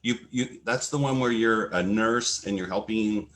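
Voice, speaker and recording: A man's voice: fairly low pitch, a little slow, a bit bright. A man on a live video chat, asking a question in a hesitant way and restarting his sentences. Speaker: caller.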